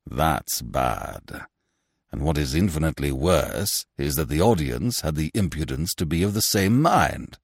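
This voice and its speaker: A man's voice: rumbling low, expressive, normal speed, few pauses, no echo, clean studio sound, heavily acted. Man playing a grave, sardonic comic actor. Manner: grave, gloomy.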